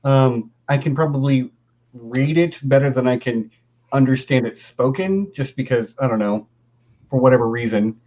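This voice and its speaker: A man talks in a wry, easygoing way during a casual film chat, his voice at an ordinary pitch. The recording is dull and muffled, as if from a cheap mic. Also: normal speed, warm tone. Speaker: guest on a film discussion stream. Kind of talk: casual discussion.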